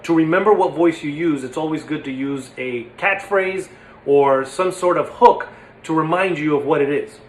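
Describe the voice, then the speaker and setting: A man's voice: fairly high pitch, moderate pace. A young man teaching puppetry in a casual, playful way, recorded in an echoey room. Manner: playful, demonstrative, slips into silly voices. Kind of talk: casual instructional talk. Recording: echoey room with faint noise.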